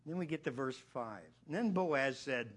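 A man preaching an expository Bible teaching, animated and often repeating words as he builds emphasis. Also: mid-range voice, normal speed.

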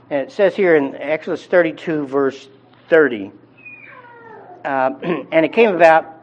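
A man's voice: on the high side, a little mellow, lo-fi sound. A man preaching a sermon in a conversational teaching style, with frequent fillers and restarts. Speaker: pastor.

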